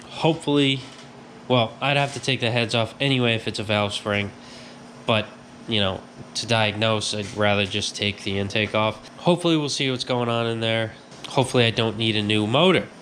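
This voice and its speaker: A man's voice: mid-range voice, bright, forceful tone, a little hiss or hum. A man hosting a garage vlog, with a stuffed-up nose, telling a story in a chatty way and acting out his own reactions. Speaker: garage host. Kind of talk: casual workshop vlog.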